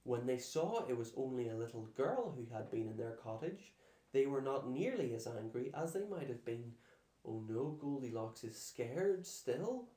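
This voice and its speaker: A man slowly reading a children's storybook aloud, with expressive delivery. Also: mid-range voice. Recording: echoey room.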